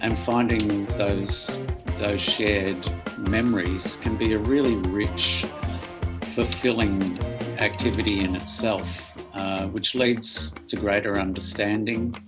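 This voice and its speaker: A man, a children's author, reading a picture book aloud to children in a playful, theatrical way with loud barks, over an online link from home. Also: on the low side, fairly even intonation, takes it slowly, over music.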